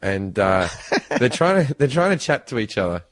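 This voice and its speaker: A man with an Australian accent telling profane, animated stories in casual podcast chat. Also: medium pitch, moderate pace. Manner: profane, laughing, animated storyteller. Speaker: comedian guest.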